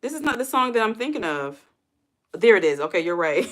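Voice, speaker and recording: A woman's voice: medium pitch, sing-song, brisk. A woman chatting casually on a livestream, thinking aloud and answering viewer comments. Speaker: livestream host.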